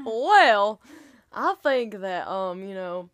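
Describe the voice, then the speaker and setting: A woman's voice: mid-range voice, sing-song, takes it slowly, a bit bright, smooth. A woman co-hosting a podcast, teasing the others with giggles and swearing. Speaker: podcast co-host. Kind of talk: casual profane banter.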